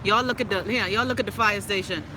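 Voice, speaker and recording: A Bahamian woman hosting a live stream, reading viewers' comments and ranting loudly and profanely. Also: medium pitch, fast talker, background noise. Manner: loud, profane, exclaiming ranting. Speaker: livestream host.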